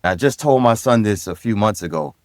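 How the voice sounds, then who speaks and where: Deep-voiced New York man, easygoing. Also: expressive, brisk, no room sound. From Brooklyn, New York. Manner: easygoing, reflective, repeats phrases. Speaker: guest, retired police lieutenant and DJ. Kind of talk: casual interview storytelling.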